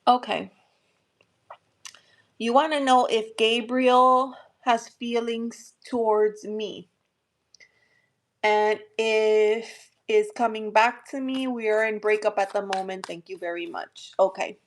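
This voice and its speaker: A woman from New Jersey with a light accent, talking gently and reassuringly with many fillers while hosting a live tarot stream. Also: fairly high pitch, steady tone, slow pace. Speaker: tarot reader hosting a livestream. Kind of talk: live-stream chat and readings.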